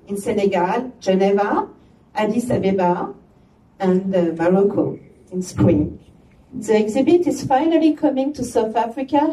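A woman's voice: a little high, dark tone, slight background noise. A woman with a French accent, chairperson of an arts organization, gives a formal opening speech with chatty asides and restarts. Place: gallery opening event. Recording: echoey room from far off.

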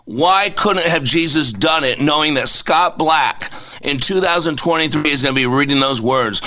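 A man's voice: a little high, bright, forceful tone. A man hosting a Christian radio show, preaching with strings of rhetorical questions and emphatic repetition. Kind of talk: inspirational Christian radio talk.

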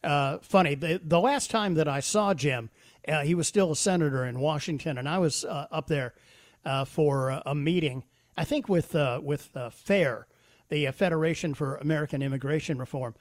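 A man's voice: a little high, normal speed, no room sound, studio quality. A man hosting a radio talk show, telling stories in a folksy way with many fillers and restarts. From South Carolina. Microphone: studio microphone.

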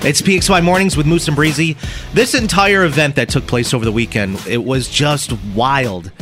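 A man hosting a morning radio show in a studio, telling a story in a casual, animated way with laughs and restarts. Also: a little high, moderate pace, faint music behind. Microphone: studio microphone.

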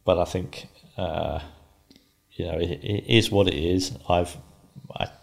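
A man in his fifties, a guest on a podcast, telling a story calmly and wryly, often laughing. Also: deep voice, a little slow, gravelly. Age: 50s. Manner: calm, wry, laughs while telling a story. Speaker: interview guest.

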